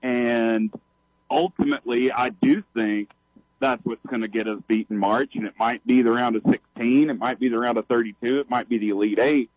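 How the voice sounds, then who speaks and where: A man's voice: mid-range voice, fairly even intonation, darkish tone, dry recording, low-quality recording. Earnest man calling into sports radio. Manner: earnest, measured analysis with frequent "I think". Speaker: radio show caller. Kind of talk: sports call-in opinion.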